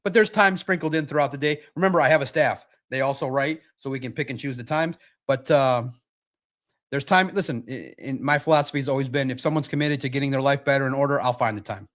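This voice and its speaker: A man hosting a sports podcast live stream, chatting casually in an animated, repetitive way with frequent restarts. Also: mid-range voice, quick pace.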